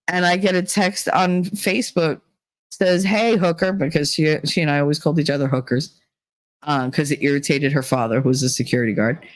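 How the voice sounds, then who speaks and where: A woman's voice: lowish voice, no echo. A woman telling a story in casual chat, acting out quoted lines with feeling. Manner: animated, emotional, acts out quotes. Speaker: streamer.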